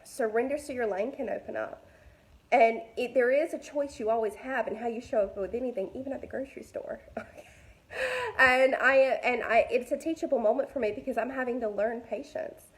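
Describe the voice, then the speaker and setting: A woman's voice: on the high side, fairly quick. A woman, a mother, giving a casual devotional message to women, chatty and candid with many fillers, speaking straight to her listeners. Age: adult mother. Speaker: faith vlogger speaking to women.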